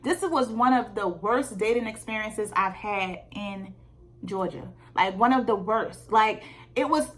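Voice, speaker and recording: A woman vlogger telling a dating story in a candid, animated way, with lots of fillers. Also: medium pitch, a little slow. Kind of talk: casual storytime vlog. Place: Georgia.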